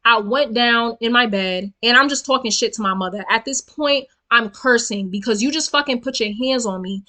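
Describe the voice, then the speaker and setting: A young woman tells a storytime vlog with a bright, forceful edge. She sits a little high in her register and keeps it animated, profane and emphatic as she talks straight at her viewers. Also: normal speed. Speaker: storytelling vlogger. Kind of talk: casual storytime rant.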